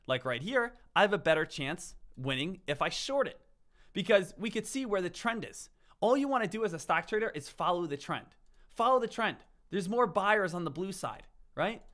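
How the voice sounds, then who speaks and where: A high-pitched, bright male voice calling live stock trades. He chants words over and over and swings between loud hype and forced calm. His tone stays tense and forceful. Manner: hyped, repetitive chanting, swings from shouting to calm. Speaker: stock trading streamer. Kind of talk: live trading commentary.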